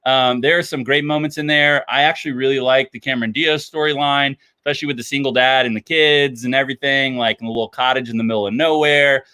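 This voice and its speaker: A man hosting a casual livestream, chatty and enthusiastic, with lots of fillers, talking indoors under bright lights. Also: medium pitch, fairly even intonation, fast talker, hardly any pauses, clear, resonant tone, dry recording. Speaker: livestream host.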